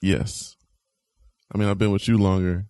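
A man co-hosting a podcast in casual chat, dry and deadpan, swearing casually. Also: deep voice, moderate pace, no echo. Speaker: podcast co-host.

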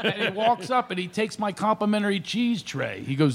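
A male comedian telling animated family stories as a guest on a radio talk show, laughing often. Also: a little high, fairly quick, gravelly, few pauses. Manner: animated, laughing, imitates his dad and others.

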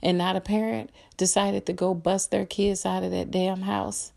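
A woman's voice: medium pitch, level tone, normal speed, vocal fry, darkish tone. A middle-aged woman hosting a solo podcast, ranting in an angry, blunt and profane way. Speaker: podcast host.

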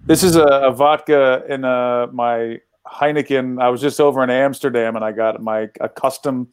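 A man's voice: mid-range voice, steady tone, moderate pace, smooth, no room sound. Comedian guy rambling a story on a video call, mid voice, dry sound. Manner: rambling, laughs through stories. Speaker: comedian guest. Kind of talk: casual storytelling chat.

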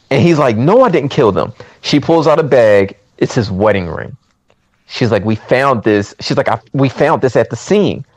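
A man's voice: mid-range voice, no room sound. A man in casual chat, retelling a movie's plot and acting out the characters' lines. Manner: animated storytelling, acts out characters' lines. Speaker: movie recap podcaster.

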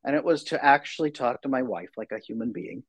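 Husky-voiced man in his thirties. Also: mid-range voice, a little fast, no room sound, low-quality recording. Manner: animated, acts out voices in anecdotes. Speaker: parenting coach guest. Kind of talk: conversational podcast interview.

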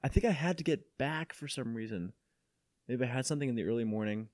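A man's voice: medium pitch, fast talker, no room sound. Young man telling a story, laughing often. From Mexico. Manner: animated, laughs often, swears freely. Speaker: podcast host. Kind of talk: casual storytelling chat.

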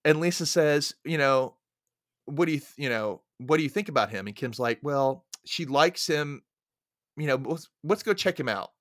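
Recapping a movie on his podcast, this man stays laid-back but voices the characters with sudden loud yelps. His voice sits on the high side with lively intonation at a moderate pace, in a dry, studio-quality recording.

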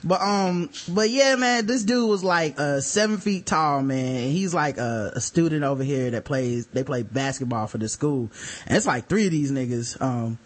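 Male podcast co-host, high voice, lively casual storyteller, laughs and cusses. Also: moderate pace. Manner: animated storyteller, laughs often, swears freely.

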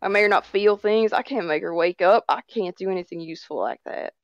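A woman playing a tabletop game in character, talking in a flat, blunt, weary way. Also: mid-range voice, a little fast, dry recording, dull audio. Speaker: player.

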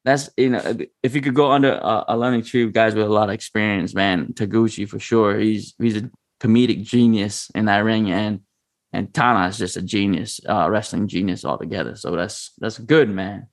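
A man's voice: fairly low pitch, fairly even intonation, normal speed, no room sound, clean studio sound. A man from the Pacific islands telling stories in a casual chat, laughing often and calling people man. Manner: laughing storyteller, slangy, says man a lot.

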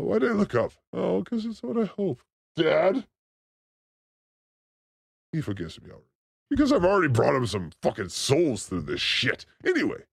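A manic, foul-mouthed demon rants and brags, put on by a man on a live comedy stream. The voice sits high and leaps all over the place, and it breaks into sudden shouts. It is close and dry, with no room sound. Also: dry recording, full character voice. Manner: manic, crude, frequent shouting outbursts. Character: boastful crude male demon comedian.

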